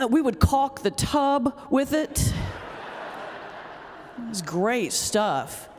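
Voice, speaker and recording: A middle-aged woman from North Carolina in the US South, an ordained minister, gives a humorous lecture mixed with stand-up comedy, joking and teasing like a storyteller. Her voice is high with big pitch swings and a very slow pace, heard against a noisy background. She speaks before a live audience in a large hall, and the recording carries the long reverb of a lecture hall.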